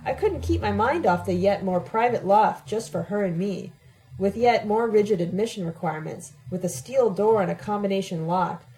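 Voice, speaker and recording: A woman reading a first-person story aloud as an audiobook narrator, with an expressive, dramatic delivery. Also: medium pitch, rough recording.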